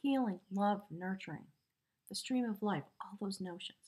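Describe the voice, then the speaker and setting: A woman's voice: mid-range voice, normal speed, a little mellow. A woman giving a spiritual tarot reading, earnest and emotional, rambling with fillers. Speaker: tarot reader.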